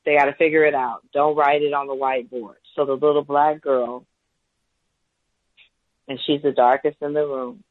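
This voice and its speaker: Male caller, rambling and hesitant, slightly high voice, thin phone line. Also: level tone, moderate pace, pauses often, no room sound. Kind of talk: call-in talk radio account. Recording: tinny phone line, dry.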